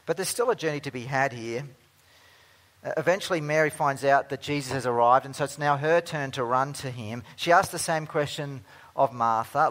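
A pastor delivers a sermon earnestly in a mid-range voice, shifting between emphatic passages and hushed ones.

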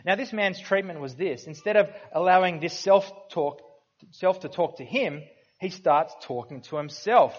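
A pastor preaching in an earnest, conversational way, often stopping to restart a thought. His voice sits a little high for a man. The recording is dull and lo-fi. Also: lively intonation, normal speed. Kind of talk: sermon.

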